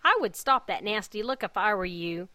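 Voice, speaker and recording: A woman doing a softly taunting young man. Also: medium pitch, lively intonation, moderate pace, no room sound. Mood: teasing. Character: teasing young man, playful dominant lover.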